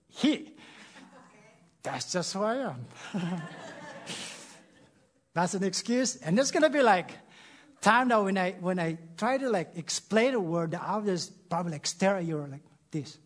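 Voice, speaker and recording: A man with a Filipino accent speaks to a church congregation, opening his sermon with self-deprecating jokes. His voice sits high and swings widely in pitch, with a husky edge. He sounds animated and laughs at himself often. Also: moderate pace. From Philippines.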